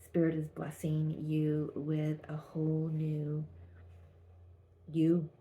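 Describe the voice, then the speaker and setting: A woman giving a channeled tarot reading, talking gently and haltingly with many restarts. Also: sits low, monotone. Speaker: tarot reader.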